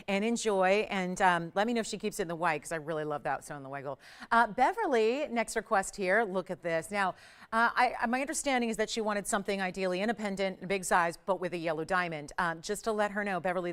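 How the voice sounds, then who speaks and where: A woman hosting a live TV jewelry shopping show, pitching pieces with upbeat enthusiasm and quick asides. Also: a bit bright, clear, resonant tone. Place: TV studio.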